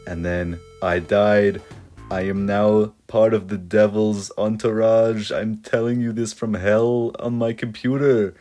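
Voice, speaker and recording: A young man with a low, dark, mellow voice recounts a mock horror story. He rambles in a deadpan way and strings everything together with "and then". Faint music sits behind him. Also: slow pace. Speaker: creepypasta parody narrator.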